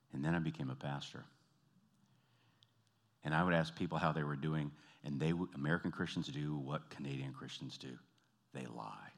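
A middle-aged man doing stand-up comedy, telling stories and breaking into character voices, often laughing at his own jokes. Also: very deep voice. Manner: storytelling, self-amused, mimics voices.

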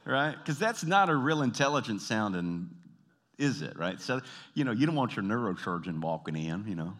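A man from the American South with a Southern accent, performing an animated stand-up comedy routine. He tells stories and jumps into high, exaggerated voices. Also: normal speed. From Southern United States. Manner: animated storytelling, jumping into high put-on voices.

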